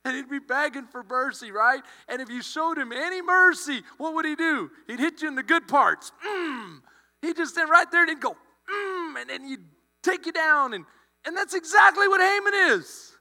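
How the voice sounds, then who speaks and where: Animated high-voiced pastor preaching. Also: male voice, moderate pace. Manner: animated, acts out characters' lines. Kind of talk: sermon storytelling. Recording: long hall reverb with mains hum.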